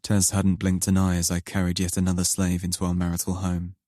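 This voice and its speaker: A man narrating an audiobook in first person, in a slow, low, intimate and brooding manner. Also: completely flat delivery, warm tone, no room sound, clean studio sound.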